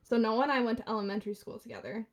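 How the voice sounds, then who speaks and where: Fast-talking animated young woman. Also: on the high side, a little hiss or hum. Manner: fast, animated storytelling with laughs and acted quotes. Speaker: guest telling a story. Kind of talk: casual podcast chat.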